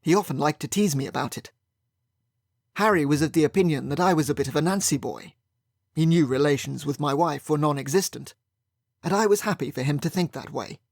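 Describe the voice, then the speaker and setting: A man's voice: fairly high pitch, fairly quick, no echo, clean studio sound. A man narrating a first-person mystery audiobook in a wry, sardonic manner.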